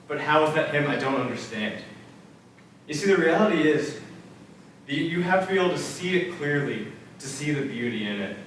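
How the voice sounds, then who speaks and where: A young adult student speaker shares a personal faith talk with students in a church center's multipurpose room, storytelling casually and earnestly with many "like"s and "um"s. His voice is a little high with a fairly bright tone. The distant recording is very echoey, with a touch of hiss or hum.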